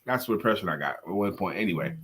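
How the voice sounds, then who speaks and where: A man's voice: deep voice, animated, rapid-fire, fairly bright tone, slightly rough. A man co-hosting a live coaching talk show, talking in a casual, playful and emphatic way. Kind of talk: casual live-stream chat.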